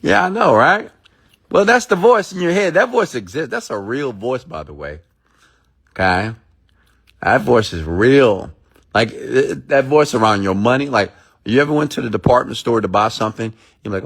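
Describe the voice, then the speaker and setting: A man's voice: mid-range voice, sing-song, moderate pace, a bit bright, breathy edge. A man giving a casual motivational talk to viewers, emphatic and repetitive, often checking in with his audience and acting out the thoughts in their heads. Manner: acts out inner thoughts in quoted asides. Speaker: motivational speaker hosting a livestream.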